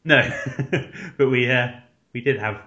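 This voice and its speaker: A man co-hosting a casual podcast over a call, chatting in a lively, jokey way and laughing between remarks. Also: medium pitch, slow, dull audio. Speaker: podcast co-host. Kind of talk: casual chat. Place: Stockholm, remote call.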